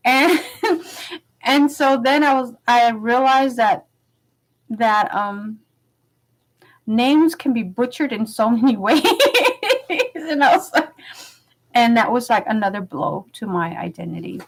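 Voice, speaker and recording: A woman's voice: on the high side, slow, pauses often, poor audio. A woman from Los Angeles telling a personal story in a chatty, candid vlog, with plenty of fillers and laughs. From Los Angeles, United States. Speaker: vlogger.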